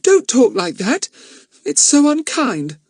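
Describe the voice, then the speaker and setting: A man voicing a soft-hearted young girl who speaks in a shaky, pleading way. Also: very high voice, measured pace, husky, dry recording, studio quality, voice pushed up, full character voice. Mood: tearful, pleading.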